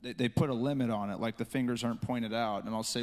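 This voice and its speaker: An earnest man talks through a church panel discussion. His voice sits at an ordinary middle pitch, and he rambles with frequent restarts and fillers. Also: fairly even intonation, fast, few pauses. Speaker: church speaker.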